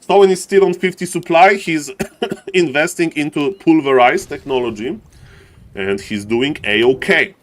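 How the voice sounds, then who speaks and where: Animated Polish man casting games. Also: on the high side, moderate pace. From Poland. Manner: animated, repeats "ladies and gentlemen", jokey asides. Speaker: esports caster. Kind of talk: live game commentary.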